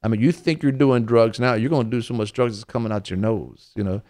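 A man in ministry talks faith with friends in a lively, preacherly way. He stops and restarts often and slips into quoted voices. His voice sits at an ordinary middle pitch. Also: quick pace. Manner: animated, acts out quoted voices. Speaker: minister on a faith talk show. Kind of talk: conversational preaching.

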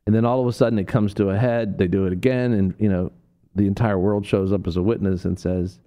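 On a radio talk show, a man with a warm, low voice preaches at a quick pace in a steady tone. His storytelling rambles loosely, packed with fillers and restarts, and he leaps into a high voice to play the people he quotes.

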